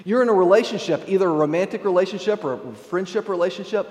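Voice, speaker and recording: A man's voice: high-pitched, fast, darkish tone. A man preaching a sermon, reading scripture aloud and speaking directly to his congregation with emphasis. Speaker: pastor. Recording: echoey hall with long reverb.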